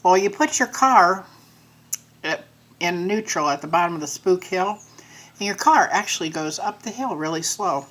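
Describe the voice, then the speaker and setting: A woman chats into her phone at home while she eats, winding loosely through a story and leaning on fillers. Her voice sits a little low for a woman, relaxed and conversational. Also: moderate pace. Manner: rambling, filler-heavy storytelling. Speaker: mukbang vlogger. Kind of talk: casual chat while eating. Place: at home with pets nearby.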